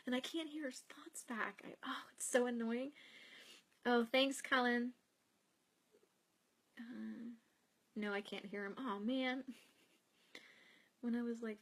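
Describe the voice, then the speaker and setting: A woman's voice: on the high side, normal speed, a bit bright. A young woman hosting a casual live stream from home, reading viewer comments aloud and chatting in a rambling, easygoing way with frequent laughs. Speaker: psychic host answering live comments. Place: home, with cats nearby.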